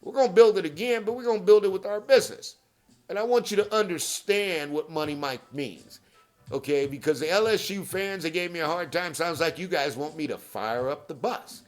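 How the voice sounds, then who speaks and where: High-voiced man hyping his podcast. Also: fairly quick. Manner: hype-driven, repeats catchphrases, peppers with "okay?"; shouts out people by name. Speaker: podcast host. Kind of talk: promotional monologue.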